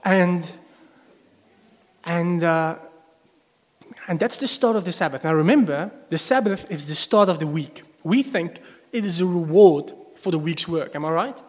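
A man's voice: on the high side, measured pace, a little mellow. A male pastor preaching a sermon to a congregation in a conversational way, often asking them questions. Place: church service before a congregation. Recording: long echo of a large hall.

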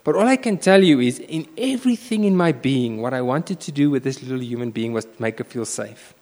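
A man preaching a sermon, telling a personal story with animated swings between loud bursts and hushed asides, in a church hall. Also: medium pitch, brisk. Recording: echoey hall reverb.

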